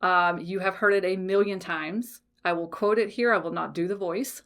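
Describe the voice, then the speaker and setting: Frank, animated woman podcast host. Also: lowish voice, moderate pace, few pauses. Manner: frank, swears freely, keeps checking in with "okay?". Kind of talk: casual solo podcast talk.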